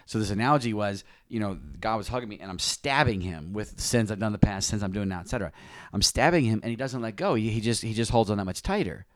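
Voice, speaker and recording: A man's voice: fairly low pitch, fast talker, no room sound, clean studio sound. Earnest man sharing a confessional testimony. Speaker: pastor. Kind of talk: personal testimony in conversation.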